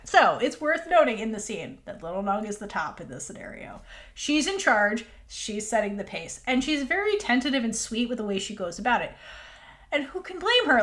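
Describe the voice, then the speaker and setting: A woman co-hosting a casual recap chat, animated and acting out character lines. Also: on the high side. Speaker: podcast co-host.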